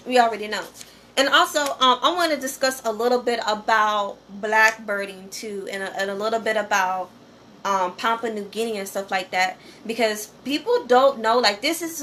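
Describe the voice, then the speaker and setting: A woman's voice: on the high side, fairly bright tone, a little hiss or hum. A woman, talking casually and directly to her viewers, often checking in with "okay?". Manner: conversational, repeats "okay?" and "you know". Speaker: channel host.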